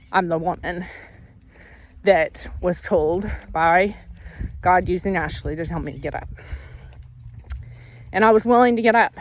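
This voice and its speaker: A woman giving a casual, earnest faith and fitness pep talk while out on a walk. She repeats herself and corrects herself as she goes. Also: fairly low pitch. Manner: earnest, repetitive, self-correcting; walking while talking. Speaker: faith vlogger.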